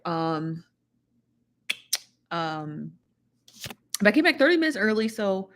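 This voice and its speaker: A woman's voice: lowish voice, lively intonation, a little slow, long pauses, a bit bright. A woman hosting a casual livestream, chatting to viewers and greeting them one by one. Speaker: livestream host.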